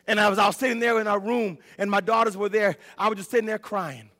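A high, bright-voiced middle-aged man preaches with fervor, veering from ringing shouts to near-whispers and tripping over his own restarts. His voice rolls out into a long church reverb, as if filling a sanctuary. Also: steady tone, fast talker. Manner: impassioned, swinging from shouts to hushed, stammering restarts. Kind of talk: sermon.

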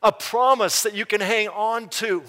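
A man preaching a sermon as pastor, reading scripture slowly and swinging from loud urgent bursts to hushed emphasis. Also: high voice, steady tone. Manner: reads scripture slowly and deliberately. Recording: live hall reverb.

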